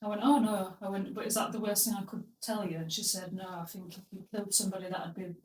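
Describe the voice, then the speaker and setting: A woman's voice: mid-range voice, level tone, fast, darkish tone, distant mic, a little hiss or hum. Crude, comic woman podcaster. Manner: blunt, crude comic storytelling. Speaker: podcast host. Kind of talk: casual storytelling chat. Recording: roomy, a bit off-mic.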